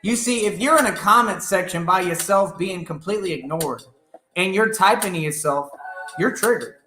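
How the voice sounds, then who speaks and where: A man's voice: high voice, moderate pace, bright, forceful tone, roomy sound, faint music behind. A man hosting an online radio show, ranting in a defiant, boastful and profane way at his critics. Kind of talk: ranting live-stream monologue.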